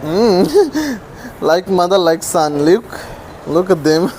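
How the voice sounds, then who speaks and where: A slow, unhurried speaker feeding stray dogs on a street, filmed on a handheld phone. They coo at the animals, call each one by name in high, coaxing calls, and describe what the dogs are doing between calls. Faint background noise sits under the voice. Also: darkish tone. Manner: coaxing, affectionate talk to dogs, calling them by name; rises to high calls when summoning dogs. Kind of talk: casual narration while feeding animals.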